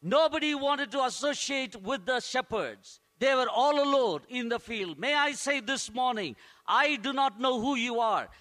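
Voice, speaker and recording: Male pastor, very high and bright voice, earnest sermon with emphatic repetition. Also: expressive, moderate pace.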